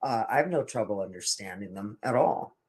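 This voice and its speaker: A man's voice: on the low side, lively intonation, fairly quick, darkish tone. An older man telling a casual, meandering story to his camera, often restarting his sentences and stammering over repeated words. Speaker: vlogger.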